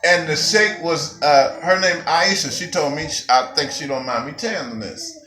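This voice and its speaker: A man teaching a spiritual gathering as a Sufi teacher, with an animated, emphatic, preacher-like delivery. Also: a little high, normal speed. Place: gathering room with audience. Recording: roomy hall with faint music.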